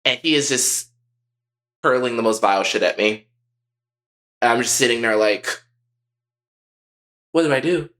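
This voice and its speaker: A young man co-hosting a podcast, telling a personal story in a candid, profane, animated way. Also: medium pitch, moderate pace, long pauses. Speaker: podcast co-host.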